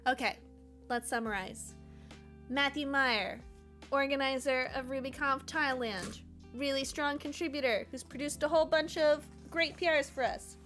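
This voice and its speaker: A woman streaming her coding work, chatting casually, reading chat aloud and talking to her cats. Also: high voice. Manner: animated, bursts of excitement.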